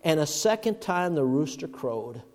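A male preacher giving a sermon, swinging from loud emphatic bursts to hushed murmurs. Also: on the high side, big pitch swings, a little slow. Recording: long reverb of a large hall.

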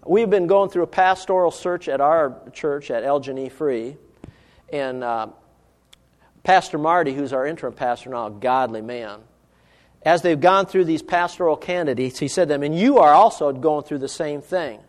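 A middle-aged man preaching a sermon as a pastor, earnest, slowing and rising when he reads scripture. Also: in a large hall. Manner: earnest, rises in pitch and slows for emphasis when reading scripture.

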